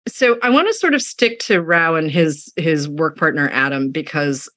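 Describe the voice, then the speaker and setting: Lively, laughing woman host. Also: low-pitched, moderate pace. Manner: bubbly, laughs often, gushing. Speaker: podcast host interviewing authors. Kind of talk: casual interview chat.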